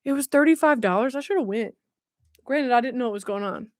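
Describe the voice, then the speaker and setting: A woman with a high, bright voice runs a casual livestream. She chats freely, laughs often and reads comments aloud. The sound is dry and close to the mic. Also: a little fast, dry recording. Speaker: livestream host. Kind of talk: casual live chat.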